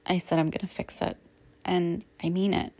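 A woman in a whispered role-play, soft and halting as she apologizes to an upset partner. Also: lowish voice, level tone. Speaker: audio role-play performer playing a girlfriend.

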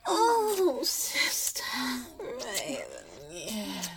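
A woman voicing an eager, submissive immortal sister in a whispered role-play, breathy and moaning. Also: a little high, huge pitch swings, drawn-out words, very noisy, full character voice. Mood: breathless.

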